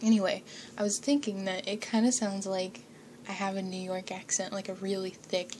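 A young woman, an audio creator, chats casually with her listeners, rambling and giggly, often slipping into a whisper and swearing now and then. Her medium-pitched voice is flat in delivery and a little mellow, moving at a moderate pace over a little hiss or hum.

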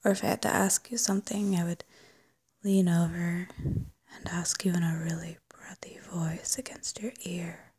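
A woman voicing a wistful, teasing ex-lover in a whispered role-play, speaking in a hushed, breathy voice with hesitant restarts. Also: lowish voice, level tone, unhurried. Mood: sultry, teasing.

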